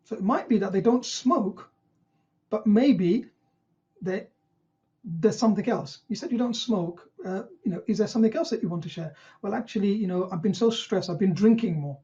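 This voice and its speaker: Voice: mid-range voice, moderate pace, warm tone, lo-fi sound. A GP trainer teaching an online session, who asks rhetorical questions and acts out what patients might say.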